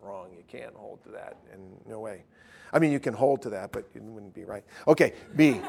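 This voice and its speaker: A man's voice: fairly low pitch, animated, moderate pace, vocal fry, a little mellow. Blunt, plain-spoken male Bible teacher. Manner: blunt, informal, self-interrupting.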